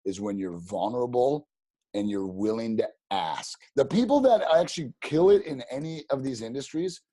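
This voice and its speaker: A man telling stories as a podcast guest, animated and rambling, with many restarts. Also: mid-range voice, moderate pace, no echo. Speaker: podcast guest, real estate agent. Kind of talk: casual storytelling interview.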